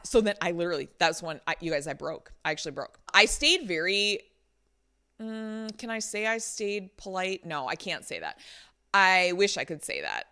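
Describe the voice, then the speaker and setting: Bright-voiced woman telling an exasperated story. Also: lowish voice, moderate pace, clean tone. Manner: animated, exasperated retelling with many likes. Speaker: vlogger. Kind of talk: storytime vlog. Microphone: laptop built-in mic.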